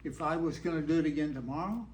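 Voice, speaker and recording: A man's voice: fairly high pitch, fast talker, slight background noise. An older man with a Texan accent, telling a folksy story to a live audience in a laid-back, whimsical way. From Texas. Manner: laid-back, folksy, acts out quoted dialogue. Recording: roomy hall echo.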